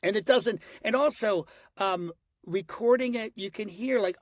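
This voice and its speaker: A voice impressionist guests on a casual interview, a middle-aged man from Philadelphia with a high voice and nasal Northeast twang. His talk is animated and full of restarts, with quick detours into voices and quotes, all in clean, echo-free studio audio.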